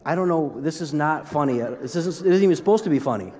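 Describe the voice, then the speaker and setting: A man preaching a sermon as pastor, conversational and animated, often breaking off and restarting his sentences. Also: fairly high pitch, a little fast, few pauses, long reverb tail. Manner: conversational, animated, self-interrupting.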